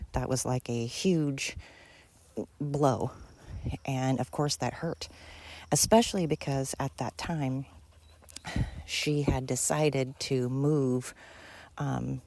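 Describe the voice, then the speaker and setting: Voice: medium pitch, darkish tone, no echo. A podcast host telling a friend's story in a casual monologue, emphatic and repetitive, swearing freely.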